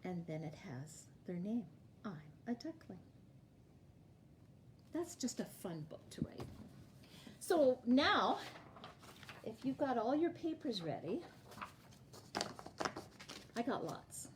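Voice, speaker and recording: A woman leading a library storytime, reading a picture book aloud and teaching young children in a clear, animated way. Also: on the high side, slow, long pauses, a little hiss or hum. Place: library programme room.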